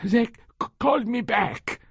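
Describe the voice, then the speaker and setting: A man's voice: very high-pitched, very animated, unhurried, gravelly, husky, dry recording, muffled recording, voice pushed up, heavily acted. A man voicing a nervous middle-aged henchman who stammers and pleads, in an audiobook. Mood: frightened.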